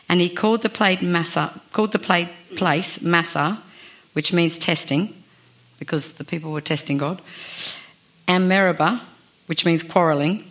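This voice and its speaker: A woman preaches a sermon in a slightly low voice. She talks in a chatty, self-deprecating way and keeps asking the congregation questions. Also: a bit bright. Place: church.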